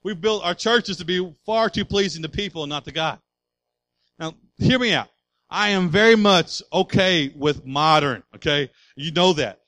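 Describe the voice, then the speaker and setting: Passionate preacher man, slightly high voice. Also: normal speed, no echo, poor audio. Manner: passionate preaching, builds to loud declarations. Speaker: pastor. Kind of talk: sermon.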